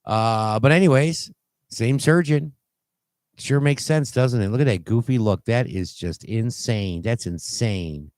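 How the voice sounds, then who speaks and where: A man hosting a call-in talk show, rambling and halting with many fillers and restarts as he reads posts aloud. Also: medium pitch, darkish tone, dry recording. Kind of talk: casual call-in show commentary.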